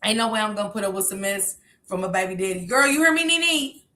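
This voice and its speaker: A woman from Kentucky giving casual, emphatic reaction commentary as a streamer, swinging from loud outbursts to quiet asides. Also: medium pitch, fast, reverberant.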